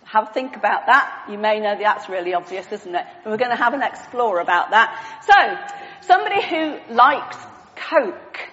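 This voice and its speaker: A woman's voice: mid-range voice, lively intonation, normal speed, pushed and bright, in a large hall, muffled recording. A woman preaching an all-age sermon with props, chatty and self-deprecating, asking the congregation questions.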